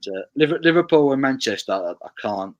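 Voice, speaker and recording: A man's voice: mid-range voice, lively intonation, fairly quick, highs cut off. A man hosting a casual live chat over beers, chatty and laughing, often stammering through his restarts.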